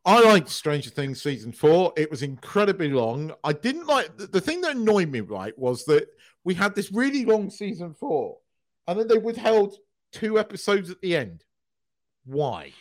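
A man co-hosting a podcast in casual chat, animated, swearing freely and restarting his sentences often. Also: high-pitched, normal speed, no echo, clean studio sound. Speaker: podcast co-host.

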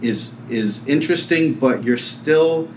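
A man on a podcast panel, talking through ideas in a measured, analytical way. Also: mid-range voice, a little hiss or hum. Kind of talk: casual podcast discussion.

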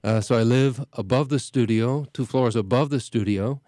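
A middle-aged man, a parish priest hosting a show, talking casually in a halting way with many restarts and fillers. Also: medium pitch, warm tone, dry recording, clean studio sound. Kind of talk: casual talk.

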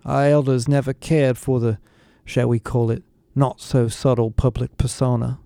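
A man's voice: medium pitch, level tone, normal speed, gravelly, warm tone, no echo, close to an everyday voice. A man voicing a cool, cheerful half-alien rock star scientist with a British accent, in an audiobook. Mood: breezy. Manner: cheerful, languid, genteel. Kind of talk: audiobook character voice.

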